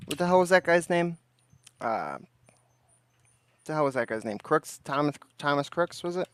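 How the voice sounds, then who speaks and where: A livestream host with a smooth voice, a little high and a little slow, reads text aloud flatly in list form before drifting into loose, casual chat with his audience.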